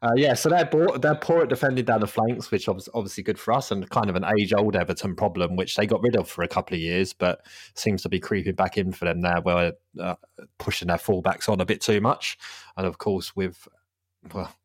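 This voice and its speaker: Low-voiced man, rambling chat. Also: brisk, no room sound, clean studio sound. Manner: rambling, laughs often, restarts. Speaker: podcast host. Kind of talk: casual football podcast chat.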